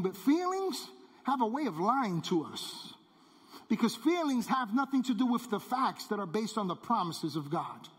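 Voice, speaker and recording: A man preaching a sermon as pastor, emphatic and repetitive, dropping low on key words. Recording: long hall reverb.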